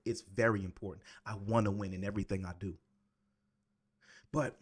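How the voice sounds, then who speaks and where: A man in his late forties tells a personal story with plain earnestness. He circles back and repeats words to press his point, and his voice sits a little low. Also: husky. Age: 40s. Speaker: motivational speaker.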